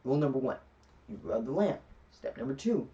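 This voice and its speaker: A man voicing a brash, fast-talking male genie in a breezy, wisecracking manner, heard from a distance on a dull lo-fi recording. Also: medium pitch, animated, dark tone, pitched above the performer's own voice, close to an everyday voice.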